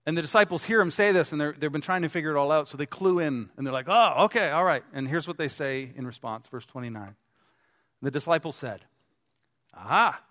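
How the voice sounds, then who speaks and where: A man's voice: on the high side, fairly bright tone. A man preaching a sermon as pastor in a gym, talking conversationally and asking the congregation questions. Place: gym used as a church hall. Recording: long hall reverb.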